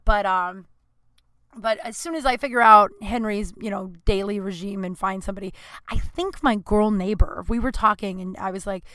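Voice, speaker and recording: A woman's voice: mid-range voice, steady tone, normal speed, fairly bright tone, no echo. A woman in her thirties hosting a podcast alone, telling stories in a rambling, chatty way full of fillers and self-aware laughs, recorded in a small closet at home. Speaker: podcast host. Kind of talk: casual storytelling monologue.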